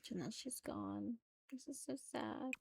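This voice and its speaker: Woman gameplay storyteller, casual and filler-heavy, slightly high voice, lots of fry. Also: wildly swooping pitch, measured pace, darkish tone, no echo. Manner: chatty, filler-heavy with frequent "like". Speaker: gameplay narrator. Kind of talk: casual let's-play storytelling.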